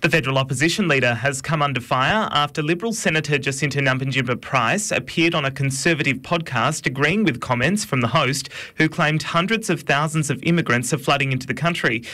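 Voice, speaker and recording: Bright-voiced male newsreader. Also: fairly high pitch, brisk, hardly any pauses. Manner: steady, formal delivery. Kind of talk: scripted news reading. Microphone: studio microphone.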